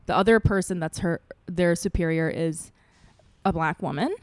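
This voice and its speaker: A woman co-hosting a podcast, telling a story from her life in casual chat and acting out the people in it with lively voice jumps. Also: normal speed, dry recording. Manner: animated, acts out quoted people with big pitch jumps. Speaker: podcast co-host; mother.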